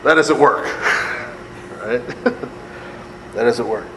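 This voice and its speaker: A man's voice: medium pitch, sing-song, slow pace, gravelly, a bit bright. Give me a joking male Bible study teacher in an echoey hall. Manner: conversational, keeps asking "right?", jokes and acts out voices. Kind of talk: casual Bible study lecture. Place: church hall or classroom with a live group. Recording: echoey hall with faint air-conditioning hum.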